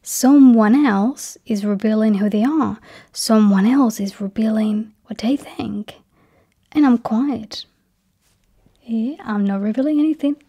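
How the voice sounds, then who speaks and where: Talking softly to her audience in a personal monologue, a woman with a fairly high pitch often sinks into a breathy half-whisper. As a vlogger, she lays slow, deliberate stress on key words.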